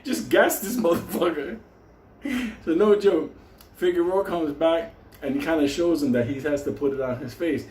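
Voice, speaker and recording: A man's voice: on the high side, moderate pace, dark tone. A man from New York telling a story casually, swearing constantly and laughing through his words. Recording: roomy echo, faint hum.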